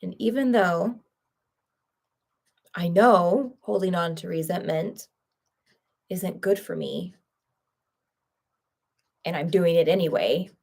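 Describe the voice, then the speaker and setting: Woman with vocal fry leading tapping. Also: lowish voice. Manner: calm, measured, short repeatable phrases. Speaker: tapping session leader. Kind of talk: guided tapping script, spoken in short phrases.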